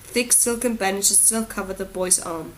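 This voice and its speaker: A woman's voice: mid-range voice, normal speed, slight background noise, poor audio. Woman reading an audiobook. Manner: steady, even storytelling. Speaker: audiobook reader. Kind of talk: audiobook narration.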